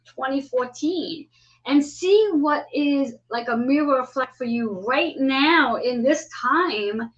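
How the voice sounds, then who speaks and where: A woman in her fifties hosting a casual spiritual astrology chat, talking in an animated way and acting out the voices she quotes. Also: high voice, lo-fi sound. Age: 50s. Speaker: host.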